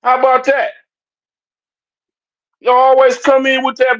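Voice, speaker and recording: High-pitched guy ranting at his chat on a stream, confrontational, dull lo-fi audio. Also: monotone, moderate pace, long pauses, a bit bright. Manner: confrontational, repetitive, addresses chat directly. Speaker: livestream commentator. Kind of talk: heated livestream rant.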